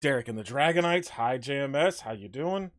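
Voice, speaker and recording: A man's voice: mid-range voice, animated, fairly quick. A young man hosting a livestream, chatting casually with viewers and rambling while he paints figures, a little out of breath. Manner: rambling, talks while working, greets chat by name.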